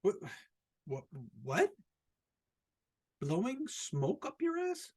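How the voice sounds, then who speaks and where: An American man talks through a loose, rambling podcast rant with a husky, slightly raspy voice. His pitch sits a bit high and swings widely as he keeps getting more incredulous. He swears freely and is quick to laugh at his own jokes. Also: huge pitch swings, darkish tone. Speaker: podcast host. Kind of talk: casual solo podcast rant. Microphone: podcast microphone, also filmed.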